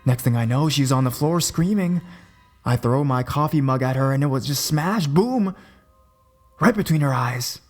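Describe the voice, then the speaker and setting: A man's voice: mid-range voice, expressive, normal speed, faint music behind, close to an everyday voice. A man reading a horror story, voicing a giddy, cruel mother who talks in a babyish little-girl voice and giggles gleefully.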